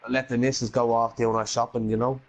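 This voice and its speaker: A man's voice: medium pitch, flat delivery, fast. Rambling, sweary Dublin Irishman. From Ireland. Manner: rambling, sweary, lots of "you know" and "bro". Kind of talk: casual voice-chat storytelling.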